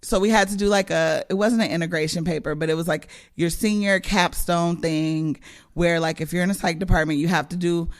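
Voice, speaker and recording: Profane, animated young woman storyteller. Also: on the low side, a little fast. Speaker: podcast co-host. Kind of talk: casual storytelling chat.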